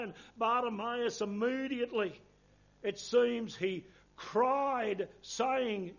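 A man's voice: extremely high pitch, slow pace, lo-fi sound. A man preaching a sermon, earnest and emphatic, quoting scripture in old-fashioned wording.

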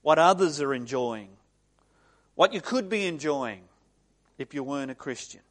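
A middle-aged man preaching a sermon, slow and earnest, with sudden emphatic swells. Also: a little high, animated, a bit bright. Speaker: pastor.

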